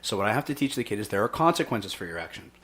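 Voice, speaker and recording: A man hosting a podcast and making his case in an emphatic, energetic way, often pausing on "okay". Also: lowish voice. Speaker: podcast host and youth fitness instructor. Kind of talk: casual debate chat.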